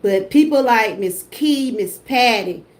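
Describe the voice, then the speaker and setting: A woman's voice: on the high side, expressive, slow pace. A woman with a Southern US accent hosting a casual livestream, emotional and effusive as she greets the people in her chat. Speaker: host.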